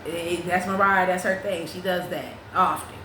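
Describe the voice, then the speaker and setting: Animated woman chatting in an echoey room. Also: lowish voice, moderate pace, a little hiss or hum. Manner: animated, profane, restarts and breaks into sung snippets. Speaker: podcast host. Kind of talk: casual chat. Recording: roomy echo with faint ambience.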